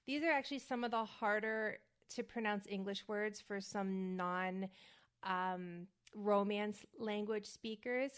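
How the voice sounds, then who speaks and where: A woman from the United States giving a casual spoken lesson as host of her show. She talks slowly and carefully, saying single words for the listener to repeat, and sounds a little worn out. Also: medium pitch, clean tone. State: a little worn out, feeling hot. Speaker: acting coach and podcast host.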